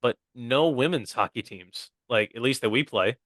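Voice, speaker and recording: A man's voice: medium pitch, normal speed, a bit bright, no room sound, studio quality. A young American man co-hosting a casual comedy podcast, playful and joking. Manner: joking, playful, fond of silly voices. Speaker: podcast co-host.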